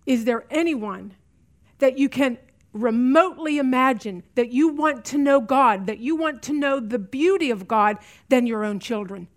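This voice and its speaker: Middle-aged woman teacher, slightly high voice, earnest, repeats key lines for emphasis. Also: a little slow. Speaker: women's Bible study teacher. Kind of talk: teaching talk to a women's group.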